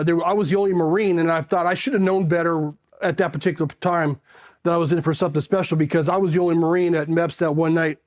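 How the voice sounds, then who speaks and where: A middle-aged man telling his own story as an interview guest, casual and animated, acting out the voices of people he quotes. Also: sits high.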